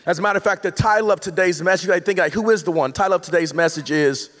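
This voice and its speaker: A man's voice: sits high, fast talker, fairly bright tone. A man preaching a casual, joking sermon, talking loosely with slangy asides and restarts, in a large church auditorium. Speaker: pastor. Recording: long hall reverb from the sanctuary.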